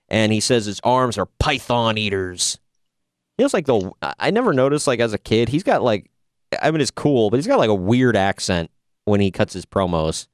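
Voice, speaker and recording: A man talks through a casual podcast recap, tossing in sarcastic jokes. His voice is smooth and resonant, and the sound is dry and close. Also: medium pitch, no echo. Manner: casual, jokey, sarcastic asides. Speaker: podcast host reviewing wrestling. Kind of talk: casual review chat.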